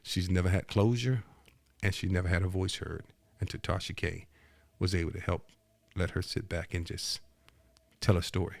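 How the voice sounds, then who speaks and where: A man's voice: low voice, little pitch movement, normal speed, creaky, long pauses, dry recording. A man hosting a podcast from his home studio, giving a heated, profane commentary in an emphatic voice. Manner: profane, heated and emphatic, rising to near-shouting; subdued, hesitant and soft-spoken. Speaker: podcast host. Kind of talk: angry commentary rant. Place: home dining room studio.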